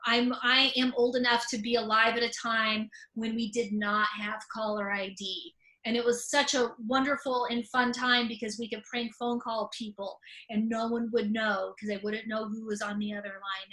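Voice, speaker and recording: A woman talks over a video call in a relaxed, frank way, often catching on the first sound of a word before pushing through. Her voice is bright and forceful and sits a little high, with humor running through her delivery. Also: moderate pace, few pauses, rough recording. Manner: stutters, repeating first sounds. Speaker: author and comedian. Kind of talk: conversational talk.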